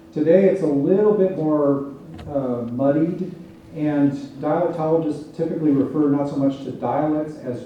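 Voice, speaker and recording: In a lecture hall, a man with a mid-range voice gives a public lecture and takes audience questions, explaining points and asking "right?" as he goes. The audio is dull, with an echoey hall, a distant mic, and faint noise.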